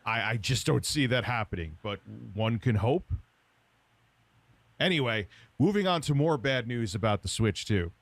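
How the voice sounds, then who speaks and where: A man's voice: medium pitch, expressive, normal speed, no echo. Sarcastic man doing gaming news. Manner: sarcastic, informal. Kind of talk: news commentary.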